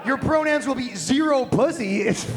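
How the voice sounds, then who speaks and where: Brash high-voiced male stand-up comic. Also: animated, normal speed, noisy background. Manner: brash, crude, conversational. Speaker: stand-up comedian. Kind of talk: stand-up comedy set. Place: live event stage. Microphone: handheld microphone.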